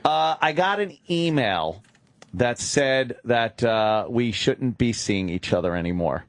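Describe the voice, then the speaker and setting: A radio show regular telling self-mocking, profane stories in casual studio chat, laughing often. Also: male voice, mid-range voice, expressive, slow pace, dry recording.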